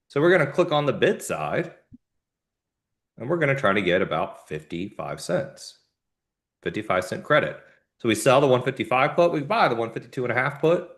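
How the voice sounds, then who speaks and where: A man hosting a live trading show, giving casual market commentary in jumpy bursts with slangy asides. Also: mid-range voice. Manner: animated, jumpy delivery with sudden emphatic bursts.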